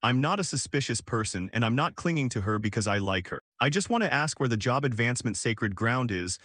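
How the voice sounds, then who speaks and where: A man's voice: medium pitch, expressive, a little fast, a bit bright, dry recording, clean studio sound. A man voicing a brash, clumsy young male gamer in a recap story, read plainly. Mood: blunt.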